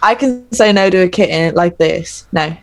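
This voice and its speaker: A woman's voice: fairly low pitch, moderate pace. A woman who is a guest on a casual podcast, talking bluntly and playfully and laughing a lot.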